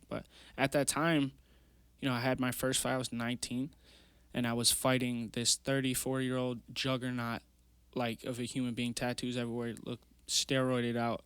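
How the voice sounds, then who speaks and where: A young man in his twenties talks as a podcast guest, earnest and rambling, leaning on lots of fillers as he tells his story. His voice sits at an everyday middle pitch. The sound is close and dry, with no room around it. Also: vocal fry, fairly bright tone, smooth, no echo. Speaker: guest, amateur MMA fighter. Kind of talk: casual storytelling interview. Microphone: podcast mic.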